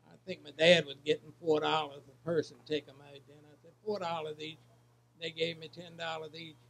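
A man, a waterman telling a rambling story to an audience, halting with many fillers. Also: fairly high pitch, level tone, gravelly, fairly bright tone, poor audio.

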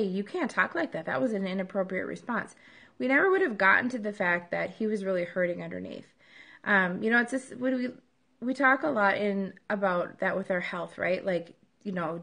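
A woman's voice: medium pitch, a bit bright. A woman in her thirties, a livestream host, talking casually about parenting with a conversational flow and frequent filler ums. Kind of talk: casual advice talk.

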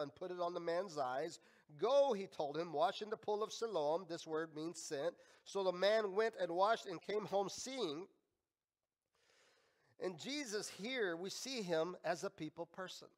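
A male pastor preaching a sermon, emphatic and swinging between loud and quiet. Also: sits high. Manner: emphatic, rising and falling in volume.

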